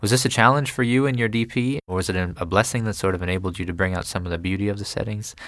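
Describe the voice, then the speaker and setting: A man's voice: on the low side, very fast, a bit bright, no room sound. Eager male interviewer, dry close sound. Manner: eager, complimentary questioning. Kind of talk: interview questions.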